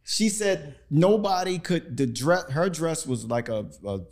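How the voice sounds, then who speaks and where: Man podcast host, higher pitch, encouraging, lots of quick affirmations. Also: expressive, a little mellow. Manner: encouraging, frequent short affirmations. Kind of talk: casual interview.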